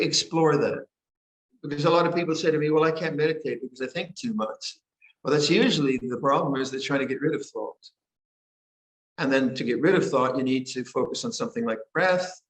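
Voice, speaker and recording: An older man, a meditation teacher, giving a guided meditation and dharma talk in a gentle, unhurried way, often pausing and restarting his sentences. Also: medium pitch. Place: monastery meditation hall. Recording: echoey hall.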